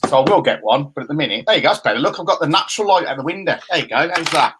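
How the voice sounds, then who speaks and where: A middle-aged man, co-hosting a casual chat show from home and given to animated, jokey rants. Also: on the high side, very fast, noisy background. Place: home room by a window. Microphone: laptop camera.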